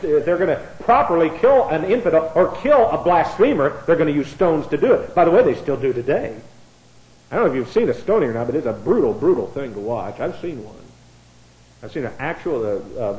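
A fairly high-voiced male pastor preaching in a roomy, echoing hall. He talks bluntly and wanders off into asides, restarting his sentences, then swings from quiet remarks to loud, emphatic lines. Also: dull audio. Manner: blunt, digressive, with frequent restarts and a dry chuckle. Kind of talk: sermon. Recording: echoey room.

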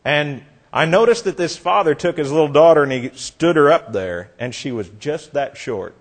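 Brief: male preacher, fairly high voice, earnest storyteller, sermon. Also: animated, moderate pace. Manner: earnest storytelling, dropping soft for effect.

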